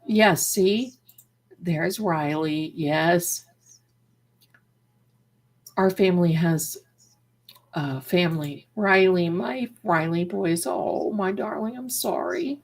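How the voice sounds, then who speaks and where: Woman, psychic live-streamer reading her chat aloud, lower-pitched, chatty, rambling and affectionate.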